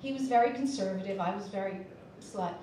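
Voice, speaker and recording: A woman doing a stand-up comedy set, wry and self-mocking, slipping into shrill impressions. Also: fairly quick, heavy background noise. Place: comedy club stage. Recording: echoey room, voice from a distance.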